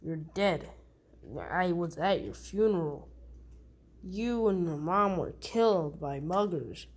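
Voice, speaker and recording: A woman voicing a hot-tempered teenage boy in a casually told fan story, her delivery slow. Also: fairly low pitch. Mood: shocked.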